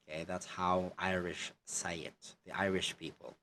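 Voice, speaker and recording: A man's voice: sits low, flat delivery, normal speed, fairly bright tone, slight background noise. A man teaching an online English lesson, chatty and encouraging, who keeps saying "okay" and "you know". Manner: encouraging, coaching tone.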